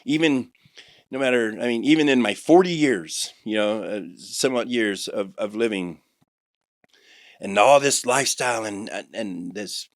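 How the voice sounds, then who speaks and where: A man in his forties telling his life testimony on a podcast, rambling with many restarts and turning animated when he quotes others. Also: on the low side, normal speed, no echo, studio quality. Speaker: guest sharing a testimony.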